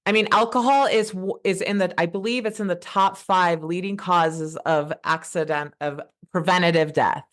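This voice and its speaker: A woman's voice: on the low side, steady tone, moderate pace, hardly any pauses. A woman in her thirties, a podcast guest, talking passionately in casual conversation, often restarting her sentences. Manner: passionate, fired up, rambling with restarts.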